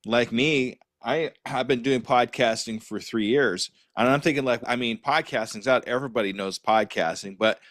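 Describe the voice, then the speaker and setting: A man hosting a podcast interview, chatting casually with a self-deprecating, lively manner. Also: mid-range voice, moderate pace, hardly any pauses, no room sound, clean studio sound. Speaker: podcast host.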